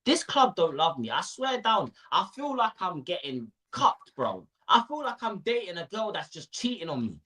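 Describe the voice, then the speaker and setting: A young man talks football on a casual panel, ranting with plenty of slang. His voice rises and falls with lively energy. Its tone is bright and slightly husky. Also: sits high, moderate pace, hardly any pauses.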